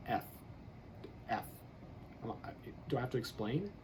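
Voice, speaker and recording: A man's voice: medium pitch, animated, measured pace, long pauses, a little mellow, slight background noise, low-quality recording. A man grading football draft picks in a casual commentary, blunt and exasperated, swearing and laughing as he rants.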